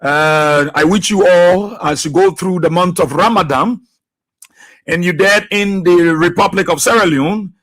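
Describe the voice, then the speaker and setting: A man hosting a live radio show, reading out listeners' names and places in an unhurried way with many pauses. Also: high-pitched, a bit bright. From Liberia. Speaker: radio host.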